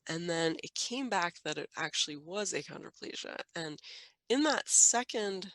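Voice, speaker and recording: A woman's voice: on the low side, expressive, normal speed, a bit bright, no room sound. A woman telling her own story on a podcast, casual and chatty with lots of fillers. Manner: chatty, frequent fillers and laughter. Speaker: podcast guest, mother.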